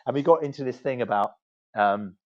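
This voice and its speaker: An English man in his fifties, a law firm managing partner telling anecdotes as a podcast guest, animated and digressive with many restarts. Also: mid-range voice, a little fast. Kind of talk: anecdotal storytelling in conversation. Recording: dull lo-fi sound.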